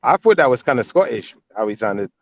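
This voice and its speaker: A man's voice: medium pitch, very animated, fairly quick, creaky. A man on an online panel chat, talking in slang and quizzing the others with questions. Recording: muffled lo-fi audio.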